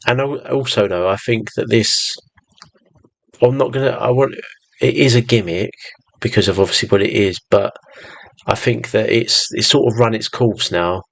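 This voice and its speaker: A man co-hosting a podcast in casual chat, talking in a halting way with frequent restarts. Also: on the low side, gravelly, dry recording. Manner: halting, restarts sentences often. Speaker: podcast co-host.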